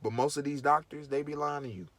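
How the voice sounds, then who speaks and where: A man's voice: on the high side, steady tone, fast, dry recording. A man vlogging in casual to-camera commentary, emphatic and preachy, repeating his points over and over.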